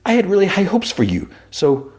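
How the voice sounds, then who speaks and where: A man voicing an exasperated, bitter middle-aged man who complains in a high, strained voice. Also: huge pitch swings, brisk, a little mellow.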